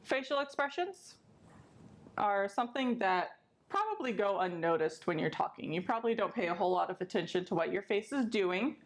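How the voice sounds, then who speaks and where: A woman's voice: mid-range voice, lively intonation, normal speed. Woman librarian teaching sign language. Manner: friendly, clear step-by-step explaining. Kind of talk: instructional video lesson.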